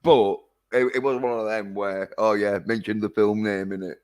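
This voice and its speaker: A man's voice: on the low side, fairly even intonation, moderate pace, a little mellow, smooth. A man recapping a film in a casual, rambling way, full of hesitations and swearing. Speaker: film reviewer.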